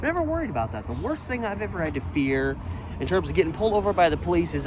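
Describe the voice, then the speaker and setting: A man's voice: sits high, big pitch swings, quick pace. A man vlogging as he walks city streets at night, ranting heatedly with lots of "you know" fillers. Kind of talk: casual walking vlog monologue. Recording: street noise with passing traffic. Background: traffic and urban ambience.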